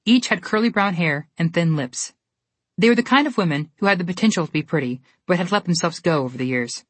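A woman narrating a storybook in a steady, even reading manner. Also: fairly low pitch, a little fast, no echo.

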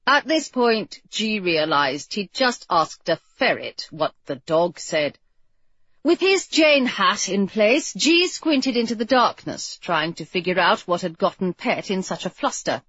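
Expressive husky woman narrating a story. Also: mid-range voice, a little slow, dry recording. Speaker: audiobook narrator. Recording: dull, muffled audio, dry.

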